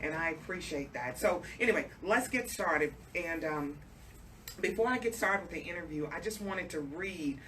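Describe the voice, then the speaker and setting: Effusive low-voiced woman hosting a talk show. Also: animated, moderate pace, fairly bright tone. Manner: effusive and emotional, addresses the audience directly. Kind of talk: interview chat. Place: radio studio. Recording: distant mic with clear background noise.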